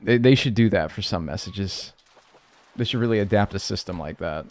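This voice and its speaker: A man's voice: fairly low pitch, moderate pace. A young man streaming a game, chatting casually in a rambling, joking and crude way. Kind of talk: casual gaming stream chat.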